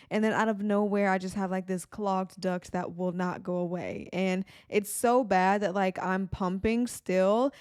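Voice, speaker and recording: A woman's voice: mid-range voice, a little mellow, clear, resonant tone, dry recording, clean studio sound. A young woman in her twenties hosting a podcast in casual chat, with a habit of saying "like" a lot. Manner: chatty, frequent "like" fillers. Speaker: podcast host.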